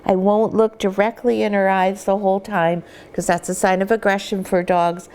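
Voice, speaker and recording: A woman dog breeder giving an instructional demonstration, gently cooing at the puppies now and then. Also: medium pitch, little pitch movement, normal speed, clear, resonant tone.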